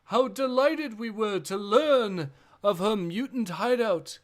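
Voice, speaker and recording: A man voicing a scheming male servant who flatters in an oily, quick way. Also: high voice, voice pushed up. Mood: sly.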